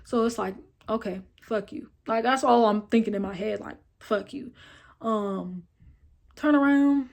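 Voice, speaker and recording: A young woman vlogging her story in a casual, blunt and profane way. She is animated and acts out the dialogue as she retells it. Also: a little slow, creaky. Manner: retells scenes with quoted dialogue and filler like "boom, boom, boom".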